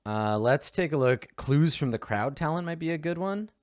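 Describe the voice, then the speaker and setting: A man casually talking through tabletop character creation, excitable, laughing and swearing freely. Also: a little high, moderate pace, dry recording, clean studio sound. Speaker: tabletop game player.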